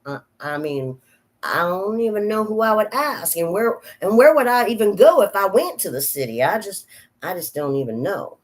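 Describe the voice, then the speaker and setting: A woman's voice: medium pitch, very animated, moderate pace, pitched above the performer's own voice, lightly acted. A woman voicing a timid young small-town girl in a put-on Southern US accent, rambling and fretful. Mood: nervous.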